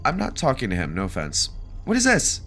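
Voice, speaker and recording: A man giving jokey, animated let's play commentary, reacting aloud and talking back to game characters. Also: medium pitch, brisk, faint music behind. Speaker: gaming video creator.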